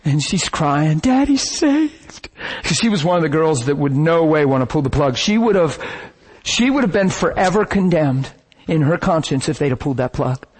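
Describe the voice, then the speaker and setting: Male preacher, slightly high and husky, animated storyteller who swings into bursts of shouting. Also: normal speed. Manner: animated, dramatic retelling with bursts of shouting and laughter. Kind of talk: sermon storytelling.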